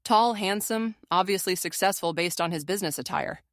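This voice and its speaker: Woman, lower voice, steady scripted story narration, dry close recording. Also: fairly quick, no echo.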